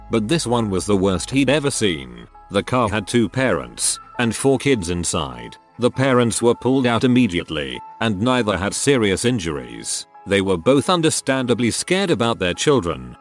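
A man narrating reader-submitted stories in a steady, measured storytelling voice. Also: on the low side. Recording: faint music behind. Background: faint background music.

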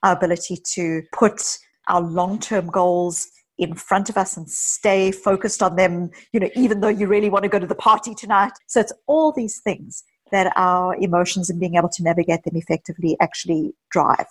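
A middle-aged woman, a psychologist guest in a podcast conversation, telling animated stories with quoted dialogue. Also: on the low side, normal speed, slightly rough. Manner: animated storyteller, vivid anecdotes with quoted dialogue.

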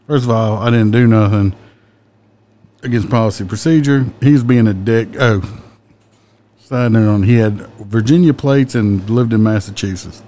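A man's voice: on the low side, moderate pace, mellow, slight background noise. A man, a police officer who casually tells stories in a blunt, profane way. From American South. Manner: blunt and profane, with an easy drawl. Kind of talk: casual storytelling.

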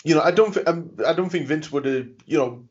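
A podcast co-host speaks in a slightly high voice at a fairly quick pace, captured with dull lo-fi sound. His casual chat is hesitant, full of ums and restarts.

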